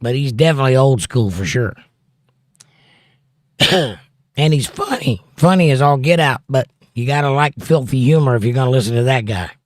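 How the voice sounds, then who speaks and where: A man at a middle pitch hosts a relaxed livestream, reading viewers' comments out loud and riffing on each one. His voice sits close and dry, with no room sound around it. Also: moderate pace, no echo. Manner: reads viewer comments aloud and riffs on them. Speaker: livestream host reading chat. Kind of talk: casual livestream chat.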